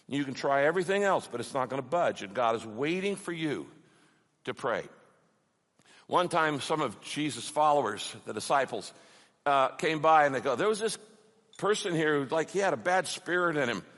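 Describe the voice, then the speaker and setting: A middle-aged man preaching a sermon, passionate and emphatic, building to loud peaks. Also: medium pitch. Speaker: pastor. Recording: long hall reverb.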